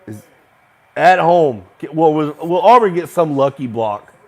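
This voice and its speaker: A young man hosting a casual live sports chat, rambling between opinions and reacting loudly to plays as he watches. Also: on the high side, unhurried. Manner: rambling, excitable, shouts and laughs at plays. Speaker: sports show host.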